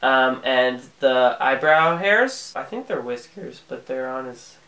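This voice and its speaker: A man's voice: medium pitch, animated, slow pace, pushed and bright. Playful young man in an echoey room. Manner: playful, narrating panels with mock-dramatic quotes. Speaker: co-host reading his childhood comic. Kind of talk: casual comedic commentary.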